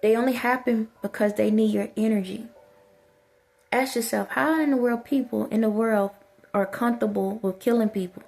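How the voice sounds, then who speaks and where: Gravelly-voiced woman giving a spiritual talk. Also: on the high side, steady tone, normal speed, a little mellow. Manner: repetitive, soothing and urging, addressing an unseen listener. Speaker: spiritual vlogger. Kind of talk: impassioned spiritual monologue.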